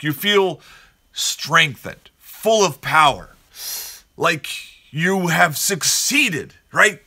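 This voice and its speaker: Man hosting a casual home morning show, chatty and rambling, with a bright, animated delivery. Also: on the high side. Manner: chatty, rambling, upbeat storyteller. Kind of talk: casual morning podcast chat.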